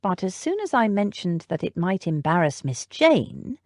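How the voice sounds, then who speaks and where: A woman voicing a proper male butler, composed and formal, speaking in a measured, unruffled way in an audiobook. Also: on the low side, very animated, a little mellow, no echo, studio quality. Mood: thoughtful.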